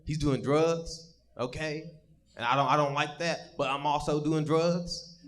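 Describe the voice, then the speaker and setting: A young male stand-up comic on a live stage, speaking into a handheld mic in a slightly high voice. He rambles through crude, profane stories and trips over his words with frequent restarts. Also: steady tone, a little slow. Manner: profane, rambling, stammering storytelling.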